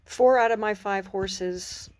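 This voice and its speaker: A middle-aged woman talking earnestly and reflectively about her faith in a personal vlog, pausing and restarting her sentences, outdoors on a porch. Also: medium pitch, a little mellow. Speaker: Christian vlogger. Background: birds and dogs outside.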